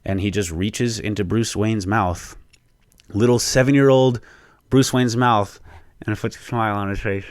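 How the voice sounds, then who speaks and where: A man hosting a podcast in an excited, casual way. He swears freely and fills pauses with "um". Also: lowish voice, no room sound, clean studio sound. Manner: excited, profane, lots of fillers. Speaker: podcast host. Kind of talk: casual chat.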